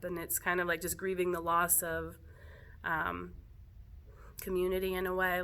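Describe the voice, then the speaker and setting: Bright-voiced woman teacher, gentle and reflective. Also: lowish voice. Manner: gentle, reflective, laughs softly now and then. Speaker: yoga teacher. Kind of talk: casual spoken talk to students.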